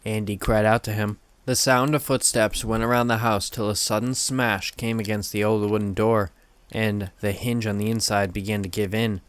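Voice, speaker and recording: A man reading horror stories aloud in measured, steady scripted narration. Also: fairly low pitch, smooth.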